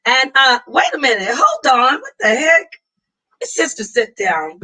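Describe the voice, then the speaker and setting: Woman, host, from Phoenix Arizona, bright tone, slightly high pitch, playful, video call audio. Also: wildly swooping pitch, unhurried, slight background noise, rough recording. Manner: playful, laughing, warm greetings. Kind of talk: casual online show hosting.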